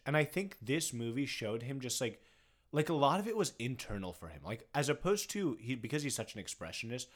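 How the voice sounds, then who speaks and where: Male co-host, casual talker, expressive pitch; relaxed film-review banter. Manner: animated, filler-heavy, playful. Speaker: podcast co-host. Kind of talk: casual movie review chat.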